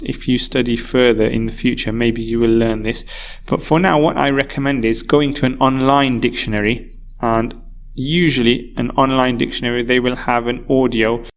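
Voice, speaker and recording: A man teaching a recorded English vocabulary lesson, explaining patiently and repeating key words. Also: medium pitch. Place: university course video.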